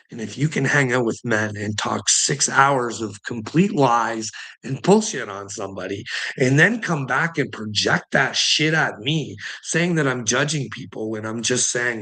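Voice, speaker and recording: Swearing, ranting man with a bright voice. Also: mid-range voice, expressive, unhurried, slightly rough. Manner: profane, ranting, laughs bitterly between lines. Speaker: vlogger. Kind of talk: angry monologue.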